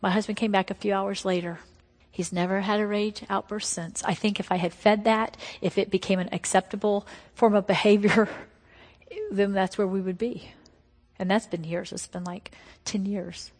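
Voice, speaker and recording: Middle-aged woman preacher, emphatic testimony sermon, mid-pitched voice, long hall echo. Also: fairly even intonation, normal speed. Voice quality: emphatic storytelling, drops to hushed tones.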